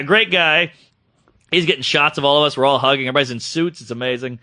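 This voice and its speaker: Bright-voiced man telling a story. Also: medium pitch, fast, dry recording, studio quality. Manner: animated, acts out other people's voices in his story. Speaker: podcast co-host, comedian. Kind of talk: casual storytelling chat.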